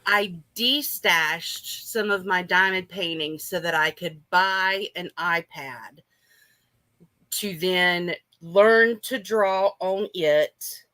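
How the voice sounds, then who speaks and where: A woman's voice: on the low side, slow pace, sharp tone, no room sound, poor audio. A woman guest on a livestream who runs a small craft business, speaking earnestly and modestly. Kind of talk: casual livestream chat.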